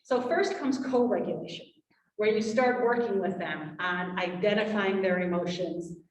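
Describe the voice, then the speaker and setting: A woman giving a workshop presentation to parents, lively, acting out quotes from parents and children. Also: medium pitch, moderate pace. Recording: roomy, from far off.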